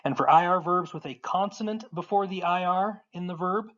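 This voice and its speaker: A Portuguese teacher giving a casual recorded lesson, patiently repeating words slowly for learners. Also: medium pitch, fairly bright tone, muffled recording.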